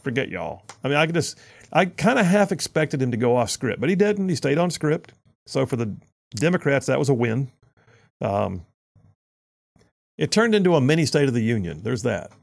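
A male talk radio host with a gravelly voice at a middling pitch. He delivers an opinionated monologue in an animated, sarcastic way, often repeating himself as he builds a point. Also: moderate pace, long pauses.

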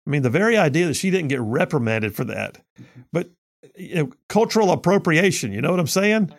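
A man's voice: fairly high pitch, sing-song, a little fast, vocal fry, no room sound, studio quality. A man hosting a political talk radio show in an emphatic, folksy, sarcastic way. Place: radio studio.

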